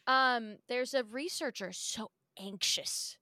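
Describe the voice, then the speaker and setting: Lively higher-voiced woman podcast co-host. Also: slow, no echo, studio quality. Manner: animated storytelling, laughs often. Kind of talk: casual podcast chat about a video game.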